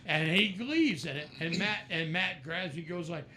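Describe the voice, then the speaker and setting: His voice sits a little high and moves at a measured pace, with a faint hiss or hum on the recording. A middle-aged musician guesting on a casual interview, he tells animated stories and voices the other characters himself.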